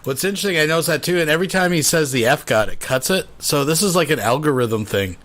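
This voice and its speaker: A man hosting a livestream, giving relaxed, chatty commentary that explains what the viewers just saw. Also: a little high, fast talker. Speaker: stream host reacting to clips. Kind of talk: casual reaction commentary.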